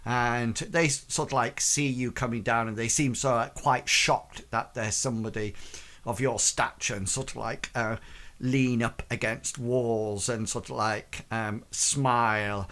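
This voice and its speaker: A man narrating a tabletop game as game master, in a hesitant way with many pauses and fillers. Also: mid-range voice, steady tone, fairly bright tone.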